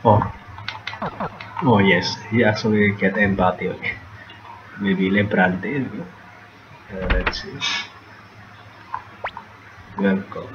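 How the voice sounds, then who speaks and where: Low-voiced man chatting over a game. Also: steady tone, takes it slowly, pauses often, echoey room. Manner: chatty, swears and laughs at the game. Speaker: gameplay streamer. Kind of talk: casual let's-play commentary. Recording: dull lo-fi sound with noticeable background noise.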